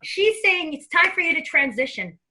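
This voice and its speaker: A woman giving a psychic reading in a lively, laughing conversation. She often slips into quoting the spirit she says is talking to her. Her voice sits high and rings very bright. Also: moderate pace, low-quality recording. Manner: chatty and laughing, acts out the spirit's lines. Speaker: psychic medium.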